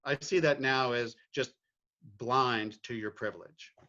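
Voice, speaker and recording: A man's voice: mid-range voice, steady tone, unhurried, bright, forceful tone, dull audio. Reflective middle-aged man, from Virginia. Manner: reflective, with frequent restarts and "right?" tags. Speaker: guest. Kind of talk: candid personal conversation.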